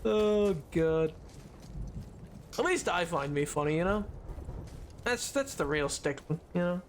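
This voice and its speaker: A man's voice: high-pitched, animated, a little slow, slight background noise. A man streaming a video game, rambling and joking, amused by his own remarks. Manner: rambling, jokey, self-amused. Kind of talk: casual gameplay commentary.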